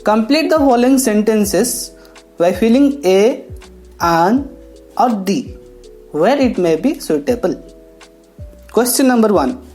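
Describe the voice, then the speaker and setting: A woman teaching English grammar, talking slowly and explaining each step with pauses. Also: fairly high pitch, animated, mellow. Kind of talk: classroom lesson narration. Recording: faint background music.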